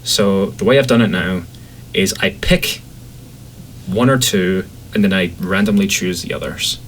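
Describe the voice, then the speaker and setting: A man from Scotland with a light Scottish accent, chatting casually as a podcast guest in a relaxed, rambling way. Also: measured pace, slight background noise, poor audio. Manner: relaxed, rambling, acts out quotes in a higher voice.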